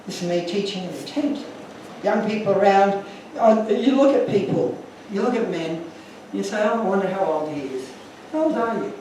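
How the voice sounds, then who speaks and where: Man giving a talk, earnest and emotional, high-pitched, recorded from afar in a reverberant room. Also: expressive, moderate pace, hardly any pauses, darkish tone, a little hiss or hum. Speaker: speaker. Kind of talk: illustrated talk to an audience. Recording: echoey room from far off.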